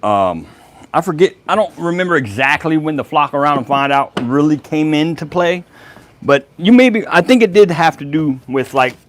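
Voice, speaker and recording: A man's voice: a little high, animated, normal speed, slight background noise. A man hosting a woodworking channel, chatting casually to a live audience in a laid-back, rambling way. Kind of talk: casual livestream chat.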